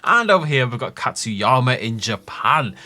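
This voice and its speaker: A man's voice: mid-range voice, big pitch swings, normal speed, pushed and bright. A man giving enthusiastic, jokey commentary on his own gameplay as a gaming video host. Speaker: gaming YouTuber.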